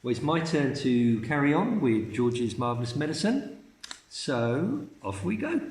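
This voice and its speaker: A man teacher reading a children's story aloud in a slow, expressive storytelling manner. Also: mid-range voice, reverberant.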